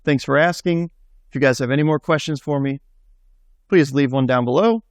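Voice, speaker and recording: A man's voice: a little high, normal speed, no echo, studio quality. A man, a musician, chatting casually to his viewers as he answers a question. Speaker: musician and channel host. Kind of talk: casual vlog talk to camera.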